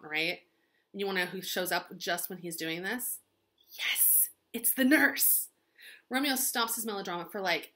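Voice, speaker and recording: A woman's voice: medium pitch, bright, forceful tone. Chatty, sarcastic woman teacher. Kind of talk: gossipy literature recap.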